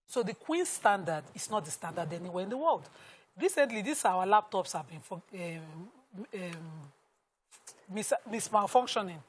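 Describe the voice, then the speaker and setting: A talk show panelist speaks in an animated way with laughing asides. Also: mid-range voice, normal speed, a little hiss or hum. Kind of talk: studio panel discussion.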